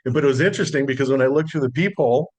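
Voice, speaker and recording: A middle-aged man, a solar sales consultant, telling a relaxed story in a podcast interview and acting out the dialogue. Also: mid-range voice, very fast, husky. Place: Las Vegas.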